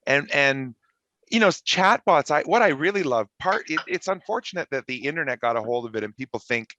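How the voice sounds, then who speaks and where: Enthusiastic man with a bright voice. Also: fairly high pitch, a little fast, lo-fi sound, a little hiss or hum. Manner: enthusiastic, animated, expansive. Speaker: guest network engineer. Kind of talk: conversational interview.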